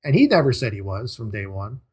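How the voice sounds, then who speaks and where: A man's voice: on the low side, very animated, fairly quick, a little mellow, husky. A man talking as an interview guest, emphatic, in short punchy sentences. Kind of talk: casual interview talk.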